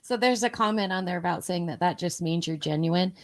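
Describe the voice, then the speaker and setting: A woman with a fairly low voice, talking as co-host in a casual chat. She tells stories about her sessions at a relaxed, conversational pace. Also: brisk, over a noisy crowd. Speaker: host and medium.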